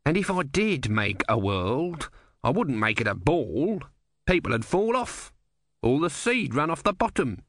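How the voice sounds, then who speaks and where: A sulky small god in tortoise form, voiced by a man in a dry audiobook reading. He speaks high and needles sarcastically. His complaints come in a lively, bobbing voice. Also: measured pace, no room sound, heavily acted. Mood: peevish. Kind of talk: audiobook character voice.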